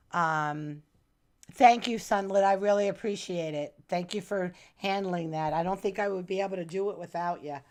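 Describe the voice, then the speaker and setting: A middle-aged woman from New Jersey talks through a viewer's astrology chart in a loose, chatty way. Her voice sits a little low, and she sprinkles in pet names like hon and doll. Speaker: astrologer reading a viewer's chart on a live stream. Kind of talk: casual live-stream reading.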